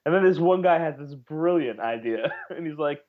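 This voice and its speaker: A man's voice: fairly high pitch, expressive, normal speed, phone-quality sound. A man co-hosting a comedy podcast who laughs often and drops wry quips. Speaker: podcast co-host. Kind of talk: casual comedic chat.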